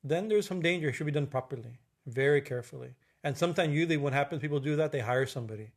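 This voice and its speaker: A man giving a religious discourse as a swami, halting with fillers and restarts and slowly chanting Sanskrit verses. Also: a little high, animated. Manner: halting, many fillers and restarts, tag questions. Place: temple.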